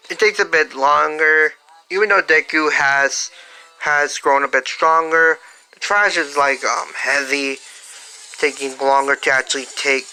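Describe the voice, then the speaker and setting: A fan storyteller improvising a story out loud, halting with many fillers and restarts. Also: mid-range voice, rough recording. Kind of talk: improvised fan-fiction narration.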